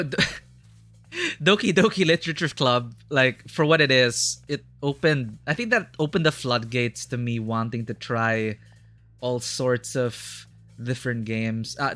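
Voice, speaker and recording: A man talks through a video game on a live stream, rambling from one thought to the next and breaking into laughter often. His voice is bright, and game music plays softly behind him. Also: medium pitch. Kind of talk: casual live gameplay commentary.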